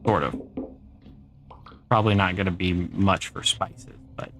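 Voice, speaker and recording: A man's voice: low voice, fairly even intonation, unhurried, gravelly, a bit bright, a little hiss or hum. A middle-aged man streaming a game, chatting casually and answering viewer comments as he plays. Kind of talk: casual gameplay chat.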